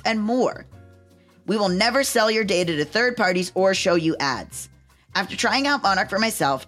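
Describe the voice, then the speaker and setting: A woman's voice: medium pitch, a bit bright. A woman podcast host doing an upbeat, enthusiastic scripted ad read.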